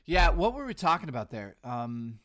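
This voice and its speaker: A man hosting a casual live stream from home, talking in an animated, ranting way while reading out chat messages and thanking supporters. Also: fairly high pitch, moderate pace. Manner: animated, ranting, bursts of laughter. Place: home living room.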